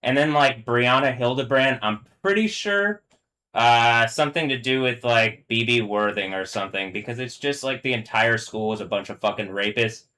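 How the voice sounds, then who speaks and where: A man talking alone on a live stream in an angry, profane rant. His voice sits at an ordinary pitch for a man. He keeps stumbling and restarting, and he veers between quiet, low muttering and sudden, strained, high-pitched yelling. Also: steady tone, low-quality recording. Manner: halting, filler-heavy, restarts often. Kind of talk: rambling solo live-stream monologue.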